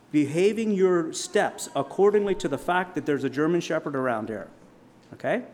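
A man's voice: medium pitch, a little hiss or hum. Man telling a sermon story. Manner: vivid storyteller, dramatic shouts in quotes. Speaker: preacher.

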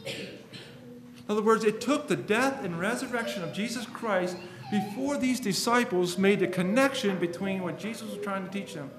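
A man's voice: high voice, normal speed, reverberant, crowd noise. A man preaching a sermon, earnest and emphatic, quoting scripture at length.

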